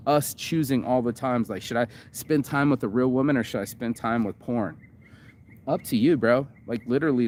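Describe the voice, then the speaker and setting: A man's voice: medium pitch, a little mellow, slight background noise. A man hosting a casual monologue, reacting to a video. He rambles, swears freely and stumbles over fillers and restarts.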